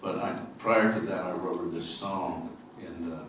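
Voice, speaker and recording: Deep-voiced man telling stories in an echoey theater. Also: fairly even intonation, measured pace, a bit bright. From upstate New York. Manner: rambling, humorous storytelling with fillers. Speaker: singer-songwriter on stage. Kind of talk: stage banter between songs. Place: theater stage at a live concert. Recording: echoey, distant live theater recording with noise.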